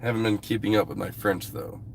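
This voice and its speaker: A man talks to his livestream viewers in a somewhat low voice. He rambles in a loose, easygoing way and swears offhandedly. A faint background hiss runs under the speech. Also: fairly even intonation, brisk, gravelly. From US West Coast. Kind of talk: casual live-stream chat with viewers.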